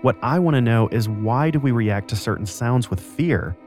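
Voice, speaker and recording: A male podcast host reads his scripted narration in a clear, even storytelling voice of middling pitch. Soft music plays faintly behind him. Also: normal speed.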